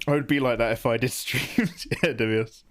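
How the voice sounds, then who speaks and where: A man's voice: mid-range voice, moderate pace, a bit bright. A man streaming his drawing live, chatting casually and self-deprecatingly while he explains his choices. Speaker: art streamer.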